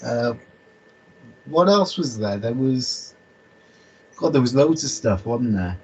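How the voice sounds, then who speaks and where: A man's voice: medium pitch, expressive, takes it slowly, a little mellow, slight background noise, rough recording. A man chatting casually on a video call, rambling with lots of stammered restarts. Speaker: host.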